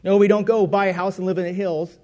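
A man's voice: high voice, little pitch movement, quick pace, warm tone. A man preaching a personal testimony sermon, telling his story in a conversational way and correcting himself as he goes.

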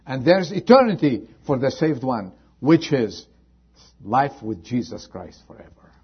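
A male pastor delivers a sermon in a husky voice. He swings between loud, pleading appeals and low, hushed warnings. The recording sounds dull and lo-fi. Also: very animated, unhurried.

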